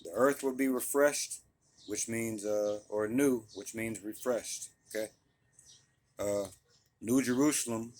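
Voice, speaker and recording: A man's voice: medium pitch, darkish tone. Casual man teaching from scripture. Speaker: Bible teacher. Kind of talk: casual Bible study teaching.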